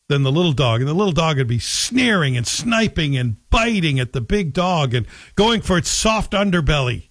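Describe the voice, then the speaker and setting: A man's voice: medium pitch, no room sound. A Canadian man hosting a talk radio show, delivering a combative, scolding monologue with folksy asides.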